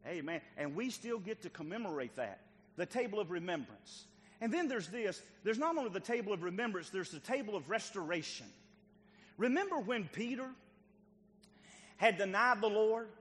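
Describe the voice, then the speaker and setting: A man pastor preaching a sermon in a church, acting out the voices of biblical figures and swinging between loud calls and quiet, tender passages. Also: high-pitched, expressive, normal speed, in a large hall. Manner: dramatic preaching, acts out biblical dialogue, swings loud to soft. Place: church sanctuary.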